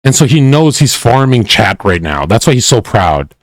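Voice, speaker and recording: A man's voice: medium pitch, sing-song, moderate pace, hardly any pauses, no echo. A man ranting and mocking as he reacts to a video on a livestream, crude and profane.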